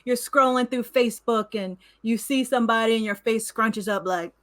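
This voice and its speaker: A woman's voice: on the high side, fairly quick. Earnest woman co-host reflecting aloud. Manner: earnest, reflective, laughs between points. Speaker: podcast co-host. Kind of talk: casual chat.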